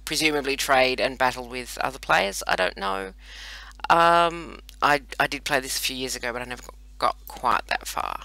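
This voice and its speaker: Woman, gameplay commentary, bright voice, dry close sound, rambling self-mocking asides. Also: sits low, dry recording, rough recording. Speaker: host playing a browser strategy game.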